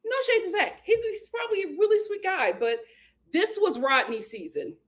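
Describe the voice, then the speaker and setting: A woman hosting a casual live stream, greeting viewers by name and reading their comments aloud with sassy, lively chatter. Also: very high voice, normal speed. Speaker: host of a live show. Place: home in Los Angeles.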